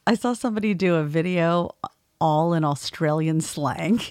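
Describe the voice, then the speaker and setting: A woman's voice: sits low, normal speed, a little mellow, clean tone, dry recording, clean studio sound. A woman in her thirties co-hosting a casual podcast, laid-back and teasing. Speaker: podcast co-host. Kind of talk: casual chat.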